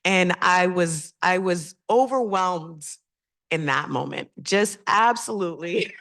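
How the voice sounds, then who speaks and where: A woman with a fairly low voice shares a personal story on a community panel. She speaks from the heart, thoughtfully, pausing and hesitating often. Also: a bit bright.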